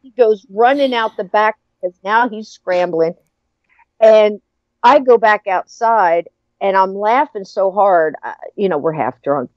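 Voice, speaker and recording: A woman's voice: medium pitch, expressive, measured pace, dry recording. A middle-aged woman in casual chat, animatedly telling a story with frequent laughter. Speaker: podcast guest. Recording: dry, muffled lo-fi audio.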